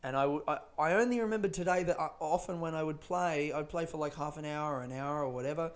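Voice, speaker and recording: A young man tells a rambling story about his childhood, swearing freely and breaking into laughter. His voice sits a little high for a man. The delivery is casual and loose, with plenty of restarts. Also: fast. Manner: rambling, profane, often laughing.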